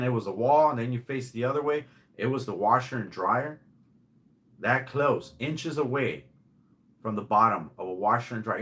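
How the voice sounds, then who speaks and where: A man's voice: medium pitch, sharp tone. A middle-aged man delivering an angry, mocking rant to the camera, swearing and repeating himself. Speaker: channel host.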